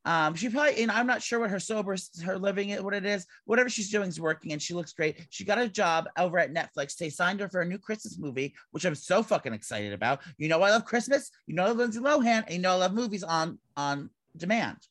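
A man co-hosting a casual gossip podcast, rambling and excitable, swearing casually. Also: high voice, quick pace, few pauses, dry recording. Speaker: podcast co-host.

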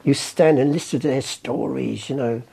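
This guest, an older English artist and storyteller, spins chatty anecdotes during an interview, performing the voices of his characters. He speaks at a normal speed in a medium-pitched, dark voice with some vocal fry.

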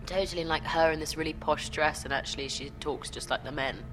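A young woman, an actor, chatting in an interview and telling animated stories with frequent laughter. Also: low-pitched, fast, noisy background. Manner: animated storytelling, laughing often. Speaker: actor guest. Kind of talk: interview chat.

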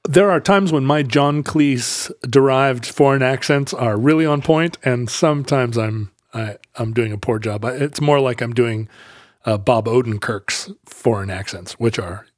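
Brief: middle-aged male co-host, mid-pitched, wry, dry close mic. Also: unhurried, no echo. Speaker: podcast co-host. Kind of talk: casual chat.

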